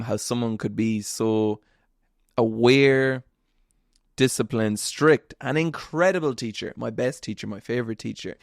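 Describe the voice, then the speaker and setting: A man tells a story to his audience in a relaxed, earnest way with asides that poke fun at himself. His voice has a gravelly edge. The sound is close and dry, with no room echo. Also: medium pitch. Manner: storytelling, earnest and motivational with self-deprecating asides. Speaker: podcast host. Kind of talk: casual monologue.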